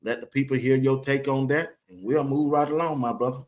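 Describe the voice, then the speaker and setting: A man hosting a live sports talk stream, firing off casual shout-outs to the chat and laughing often. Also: mid-range voice, fairly even intonation, fairly quick. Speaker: live show host.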